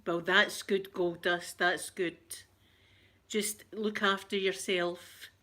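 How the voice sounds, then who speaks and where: A woman's voice: fairly low pitch, steady tone, takes it slowly, sharp tone. A middle-aged woman with a Glaswegian accent, chatting casually with viewers during a livestream, repeating her phrases and laughing often. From Scotland. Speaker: ASMR livestream host.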